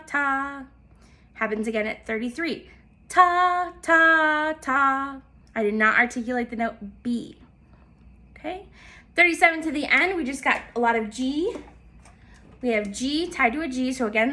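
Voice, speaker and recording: A woman leads a step-by-step music lesson, calling out note names and counting beats patiently. Her voice sits high and sounds bright and crisp. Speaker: music teacher.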